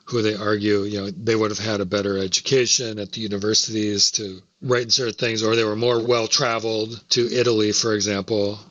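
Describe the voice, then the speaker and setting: A man's voice: lowish voice, level tone, fairly quick, hardly any pauses, fairly bright tone, dry recording, highs cut off. A man co-hosting a podcast, explaining history at length in a casual, talkative way. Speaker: podcast co-host. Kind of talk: casual chat.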